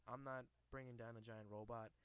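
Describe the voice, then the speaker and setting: A man's voice: mid-range voice, brisk, clean tone, close to an everyday voice. A man reading a tired, wisecracking young male superhero's lines from a comic, plainly and barely acted. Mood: wry. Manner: flat read-out dialogue, barely acted.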